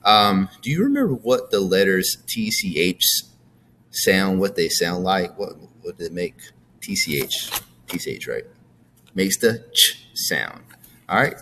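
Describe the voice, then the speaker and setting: A man's voice: sits low, big pitch swings, a little slow, vocal fry, sharp tone, slight background noise. A man teaching a phonics lesson to young students, patiently drilling words and checking in with "all right?".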